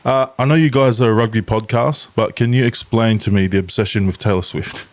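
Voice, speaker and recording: Easygoing podcast host. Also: male voice, on the low side, steady tone, fairly quick. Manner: easygoing, laughs often. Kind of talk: casual podcast interview.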